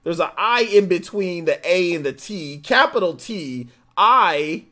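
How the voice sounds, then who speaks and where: A man's voice: high voice, lively intonation, measured pace, bright, forceful tone. A man hosting a casual live stream, greeting viewers by name and teasing the chat in slangy, laid-back talk. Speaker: livestream host.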